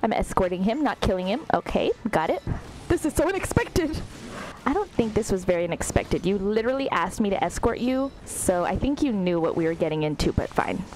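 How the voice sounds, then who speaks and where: A woman's voice: mid-range voice, expressive, brisk, hardly any pauses, darkish tone, a little hiss or hum, poor audio. A woman streaming a video game, commenting sarcastically and laughing as she talks back to the characters. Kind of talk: live gameplay commentary.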